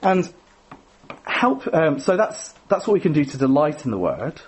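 A man's voice: a little high, very animated, normal speed. A man giving a sermon in a conversational, self-deprecating way, often adding tag questions. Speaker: preacher.

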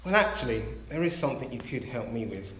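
A man's voice: medium pitch, big pitch swings, a bit bright, slight background noise. A man putting on a lost airline captain. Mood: anxious. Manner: brisk and cheery, then anxious. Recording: roomy echo.

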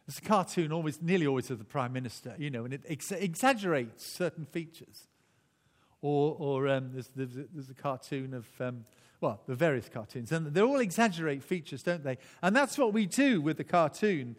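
A man preaching a sermon in a relaxed, conversational way, often restarting phrases and chuckling. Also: a little high, moderate pace, in a large hall.

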